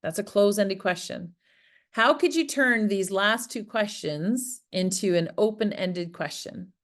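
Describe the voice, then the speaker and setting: Speaking in an expressive, unhurried, medium-pitched voice, this woman leads an online workshop about farmer wellbeing from Prince Edward Island, Canada. She draws the audience in with questions and performs sample phrases.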